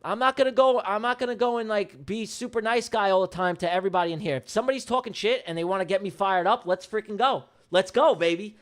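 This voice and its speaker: A man rants through live trading commentary, blunt and heated, swearing freely and repeating himself for emphasis. His high-pitched, slightly bright voice moves quickly with few pauses.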